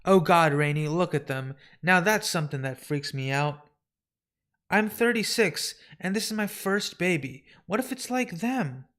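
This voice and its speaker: A man's voice: high-pitched, expressive, unhurried, a bit bright. A nervous, fretful pregnant woman in her thirties, read by a man in a live comic book reading. She chatters on anxiously to her friend.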